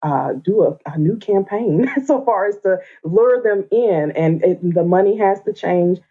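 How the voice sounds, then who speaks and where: A woman from the Atlanta area, a podcast guest, chatting casually with animated, playful storytelling. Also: mid-range voice, a little slow. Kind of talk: casual conversation. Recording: dull lo-fi remote audio.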